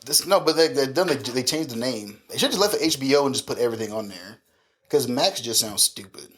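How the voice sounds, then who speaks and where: A man's voice: mid-range voice, expressive, fairly quick, fairly bright tone. A man co-hosting a podcast, talking in casual, profane chat with a blunt, slangy, ranting delivery. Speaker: podcast co-host.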